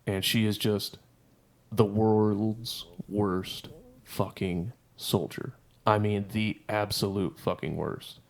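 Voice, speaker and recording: Low-voiced profane man telling a story. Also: steady tone, slow pace, vocal fry. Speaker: podcast co-host. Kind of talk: casual storytelling chat.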